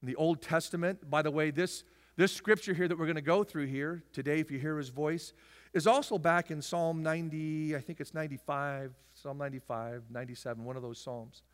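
A man preaching a sermon as pastor, emphatic and repetitive, rising to shouts and dropping into jokey asides. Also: on the high side, fairly even intonation, brisk, smooth. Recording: long hall reverb.

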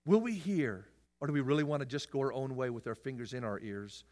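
A man preaching a sermon as pastor, emphatic and repetitive, rising to shouts and dropping into jokey asides. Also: medium pitch, quick pace. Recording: long hall reverb.

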